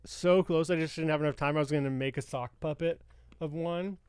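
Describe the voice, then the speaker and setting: A man's voice: fairly high pitch, fairly even intonation, a little fast, a little mellow, smooth. A man in his late thirties co-hosting a comedy podcast, teasing and laughing in casual chat. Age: 30s. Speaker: podcast co-host.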